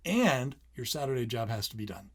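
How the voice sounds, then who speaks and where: A middle-aged man co-hosting a casual parenting podcast, talking animatedly and acting out his kids' lines in quick quoted bits. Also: medium pitch, big pitch swings, breathy edge. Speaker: podcast co-host.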